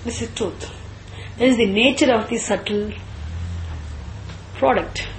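A woman leads a scripture class at a very unhurried pace. She repeats key Sanskrit terms and poses questions to her listeners before answering them herself. Her voice rings in an echoey room over a faint hum of ambience. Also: a little high. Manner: slow and deliberate, repeats and chants Sanskrit terms. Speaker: teacher of scripture.

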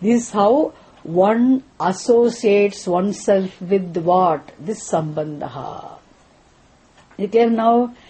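A woman's voice: mid-range voice, takes it slowly, mellow, breathy edge. A woman giving a philosophy lecture as a spiritual teacher, often stopping to quiz her listeners and repeating key terms for emphasis. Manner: quizzes listeners with rhetorical questions.

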